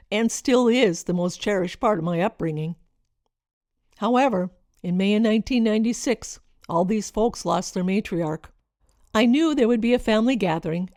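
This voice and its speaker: Middle-aged woman, from Minnesota, mid-pitched voice, reflective memoir storyteller, dry booth sound. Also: no echo. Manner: reflective, expressive, lingering over list words. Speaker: author narrating her own story. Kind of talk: personal storytelling narration.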